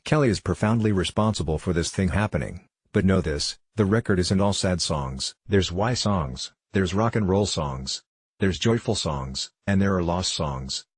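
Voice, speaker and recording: A man with a low, slightly raspy voice answers interview questions in a reflective, heartfelt way. He tells a personal story candidly, and the recording is dry and close with no room sound. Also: lively intonation, moderate pace, dry recording.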